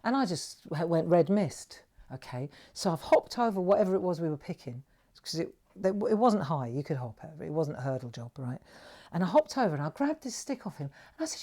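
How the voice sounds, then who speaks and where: Woman craft host, lowish voice, rambling anecdotes full of "right?". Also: big pitch swings, a little fast, mellow. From England. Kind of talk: chatty storytelling while demonstrating a craft.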